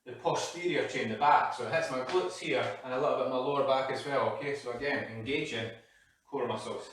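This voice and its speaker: A man's voice: medium pitch, fairly quick, fairly bright tone, a little hiss or hum. A man leading a live workout while exercising, out of breath and breathing hard as he talks. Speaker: fitness coach. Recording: echoey room, mic far off.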